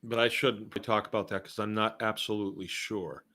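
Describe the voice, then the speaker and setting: A man's voice: lowish voice, fairly even intonation, normal speed, bright, forceful tone. A middle-aged man from Massachusetts hosting a casual live stream, reading viewer comments aloud and rambling along with chuckling asides. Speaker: host.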